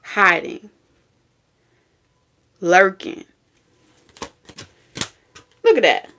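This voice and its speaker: Speaking at normal speed in a mid-range voice, a woman reads tarot with a scolding, foul-mouthed bluntness. She repeats herself heavily, and her street talk is punctuated by abrupt laughter and singing.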